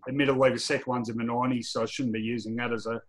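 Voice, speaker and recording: A man's voice: medium pitch, very fast. Australian male guest, chatty storyteller, frequent laughs. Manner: lively anecdotal storytelling, laughs often. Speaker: guest, football journalist. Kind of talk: casual podcast chat.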